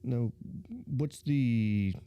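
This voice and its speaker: A male podcast co-host with a very dark, mellow voice. He cuts into the casual chat with short, dry quips. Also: mid-range voice, very slow, clean tone.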